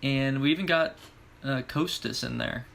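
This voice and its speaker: A man's voice: medium pitch, moderate pace, vocal fry, a bit bright. A young man co-hosting a casual sports podcast, laid-back, laughing easily and rattling off stats. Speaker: podcast co-host.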